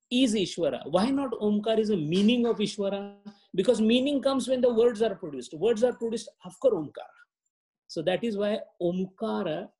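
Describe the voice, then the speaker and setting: A man, teaching yoga philosophy in a high, light voice. He explains slowly and deliberately and sounds out each Sanskrit term with care. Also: warm tone. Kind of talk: spiritual lecture.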